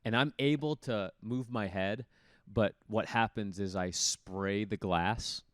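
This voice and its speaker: Animated male storyteller, smooth voice. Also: on the low side, slow, dry recording. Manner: animated storyteller, acts out voices in his anecdotes. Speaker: guest, former college hockey player. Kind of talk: casual storytelling interview.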